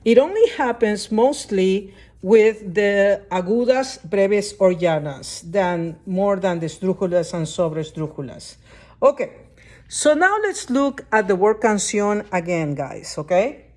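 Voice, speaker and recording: Woman, teacher, slow-paced, patient, step-by-step explanation, mid pitch. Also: lively intonation, a little mellow. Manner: patient, explains step by step, often checks understanding. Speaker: Spanish teacher. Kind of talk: classroom lesson.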